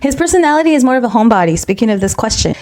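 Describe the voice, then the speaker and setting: A woman co-hosting a podcast in casual chat, telling stories with lively acted-out quotes and dropping Spanish phrases into her English. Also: on the high side, slight background noise. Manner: fast, animated storytelling, mixing Spanish phrases into English; acts out quoted dialogue in a raised voice. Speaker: podcast co-host.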